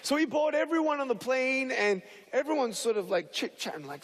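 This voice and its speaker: A man giving a motivational talk, telling funny stories with lively jumps into the voices of the people in them. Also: very high-pitched, a little fast, few pauses, long reverb tail. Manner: animated, acts out the people in his stories with big voice jumps. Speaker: motivational speaker. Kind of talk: humorous storytelling talk.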